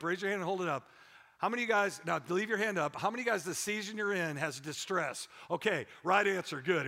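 A middle-aged pastor preaching a sermon with energy, repeating phrases for emphasis and rallying the congregation. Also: male voice, sits high, bright, forceful tone. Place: church sanctuary. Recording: echoey church hall.

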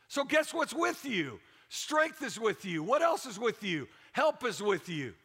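High, gravelly-voiced preacher man. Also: normal speed. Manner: energetic, repeats phrases for emphasis, rallies the congregation. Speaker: pastor. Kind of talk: sermon. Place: church sanctuary. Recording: echoey church hall.

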